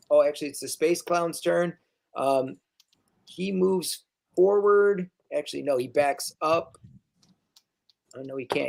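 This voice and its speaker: A woman running a tabletop game, narrating quickly and casually with fillers and frequent self-corrections. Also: sits low, creaky, a little mellow. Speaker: game master.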